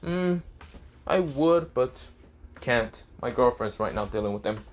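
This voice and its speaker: A man's voice: mid-range voice, expressive, a little slow, dull audio, natural voice. A man voicing a cocky, possessive young demon-slayer hero.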